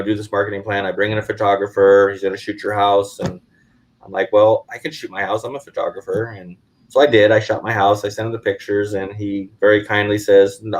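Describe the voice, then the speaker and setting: A man's voice: fairly low pitch, brisk, slight background noise, low-quality recording. A man being interviewed about his photography work, telling stories and acting out what others said. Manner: animated storyteller, acts out quoted voices. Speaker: guest photographer. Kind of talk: casual storytelling interview.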